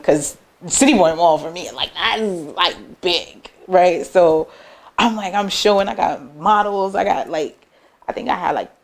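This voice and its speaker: A woman speaking in a somewhat low register, telling stories about her business and family in a conversational interview. She talks loosely, with many fillers, and slips into quoted voices to act out what others said. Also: vocal fry. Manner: animated, acts out family members' words in quoted voices; loose conversational phrasing with frequent "like" and "um". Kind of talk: personal storytelling in an interview.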